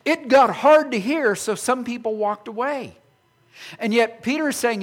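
A male pastor preaching a sermon, animated and acting out imagined voices of his listeners. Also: very high voice, moderate pace.

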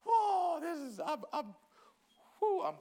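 A man from Northeast Texas with a Southern Texan accent, preaching a sermon that swings from quiet musing to loud, drawn-out exclamation. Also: very high voice, big pitch swings. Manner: laughs and exclaims often.

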